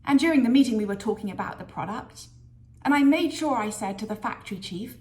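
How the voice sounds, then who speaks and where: A woman vlogging a workplace story, lively and acting out the voices of people she quotes. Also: a little high, quick pace. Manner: lively storyteller who acts out quoted dialogue. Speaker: business leader sharing a career story. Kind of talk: storytelling vlog.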